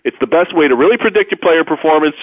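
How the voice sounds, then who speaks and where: A man hosting a sports talk radio show, rambling through stories and blunt opinions in an animated, storytelling way. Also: on the high side, fast talker, no echo. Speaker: radio host. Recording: tinny phone-like radio audio, dry.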